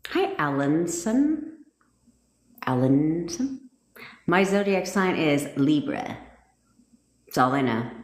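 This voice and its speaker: Brash, low-voiced woman streaming live. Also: slow pace, pauses often, echoey room. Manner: blunt, profane and excitable, often laughing. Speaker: manifestation coach hosting a livestream. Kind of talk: casual livestream chat with viewers.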